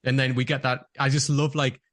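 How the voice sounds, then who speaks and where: A man's voice: mid-range voice, level tone, brisk, a bit bright, no echo, clean studio sound. A man co-hosting a podcast, chatting casually and enthusiastically about a movie he loves. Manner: enthusiastic, gushing, acts out quotes. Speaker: podcast co-host. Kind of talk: casual movie review chat.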